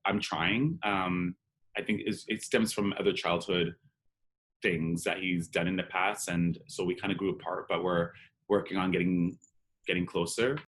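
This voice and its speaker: A man's voice: deep voice, fairly even intonation, moderate pace, a bit bright. A man telling a personal story in an interview, candid and emotional, acting out the dialogue and peppering his speech with "like". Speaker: drag performer and interview guest.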